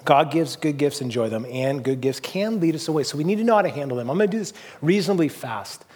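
A middle-aged male pastor with a somewhat high, slightly husky voice delivers a sermon. He talks in a loose, conversational way, telling stories with plenty of "you know"s and restarts. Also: animated, fast, darkish tone. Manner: conversational storytelling with many fillers and restarts. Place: church hall.

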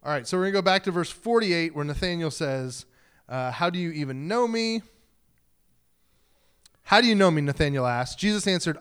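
A man preaching with a slightly higher voice and lots of lively energy. He reads scripture, then breaks into casual, conversational explanation, putting on voices for the people in the story. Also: smooth. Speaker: pastor. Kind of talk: sermon.

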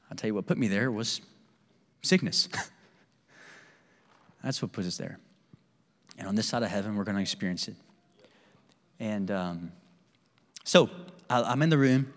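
A young adult male pastor preaching a candid, animated sermon with personal stories and laughter. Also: lowish voice, in a large hall.

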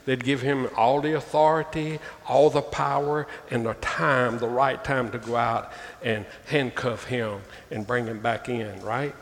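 A man's voice: medium pitch, fairly even intonation, measured pace. A male pastor preaching a sermon, reading scripture aloud and calling his listeners "folks" with emphatic rises. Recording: long reverb, faint ambient noise.

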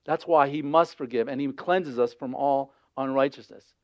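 A man's voice: medium pitch, moderate pace, a little mellow, no room sound, dull audio. A man preaching an earnest sermon, now and then acting out quoted voices.

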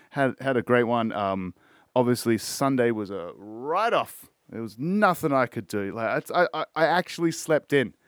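A man's voice: medium pitch, no echo, studio quality. An Australian man hosting a podcast, ranting in casual chat with constant swearing and repeated words. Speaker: podcast host.

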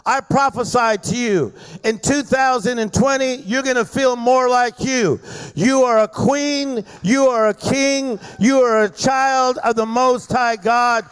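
A man's voice: very high voice, a little slow, clear, resonant tone. A middle-aged man preaching a fervent sermon at a church service, rousing the congregation with call-and-response. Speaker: guest preacher. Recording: echoey hall reverb.

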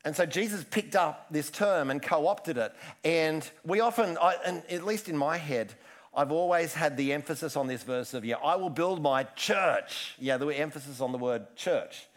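Man, pastor, casual sermon, self-interrupting, slightly high pitch. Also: normal speed. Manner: chatty, self-interrupting, joking asides.

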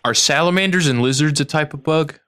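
A man's voice: on the high side, a little fast, a bit bright. A man hosting a comedy podcast, making prank calls and asking absurd questions with a straight face. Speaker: podcast host and prank caller. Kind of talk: prank phone call banter.

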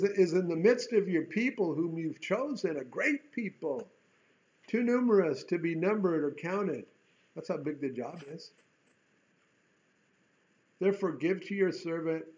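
A man's voice: on the high side, darkish tone. An earnest male preacher delivering a sermon, his slightly raised voice climbing into emphatic bursts and circling back over the same words. The recording is dull and lo-fi. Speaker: pastor.

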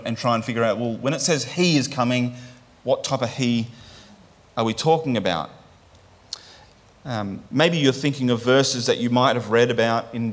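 A man preaching to a congregation in a relaxed, conversational tone. His voice sits in a middle pitch. He often stops to check in with "right?" and restarts phrases as he works through a passage. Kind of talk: sermon.

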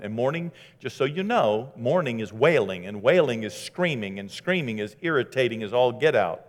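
A man preaching a sermon in a conversational, animated way, acting out scripture quotes as he goes. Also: medium pitch, normal speed, few pauses. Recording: long hall reverb.

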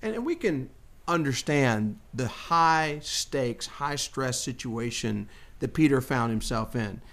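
A man hosting a Bible discussion, teaching conversationally and acting out the quoted lines. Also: slow pace. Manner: animated, acts out quotes with rising pitch. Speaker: Bible study host.

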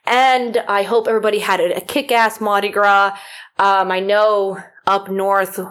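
A woman from Florida hosting a podcast in casual chat, rambling with many fillers, her voice a little rough from feeling unwell. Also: mid-range voice, fairly even intonation, unhurried, a bit bright. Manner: rambling, filler-heavy, self-deprecating. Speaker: podcast host.

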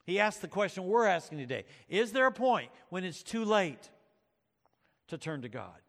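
Male pastor, sermon, somewhat high voice, long hall reverb, dramatic storytelling. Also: very animated, moderate pace, fairly bright tone. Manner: reads scripture and retells stories with dramatic emphasis; uses fillers like uh and um.

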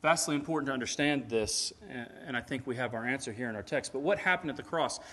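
A male pastor delivers a sermon at a church service in an ordinary middle-pitched voice. He is earnest and presses his points with rhetorical questions. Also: quick pace, pushed and bright. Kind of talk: scripture reading and sermon.

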